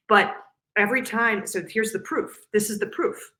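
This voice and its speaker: A woman's voice: medium pitch, steady tone, fairly quick, sharp tone. A woman guest on a podcast, talking animatedly and slipping into silly complaining voices to act out other people. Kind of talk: casual podcast conversation.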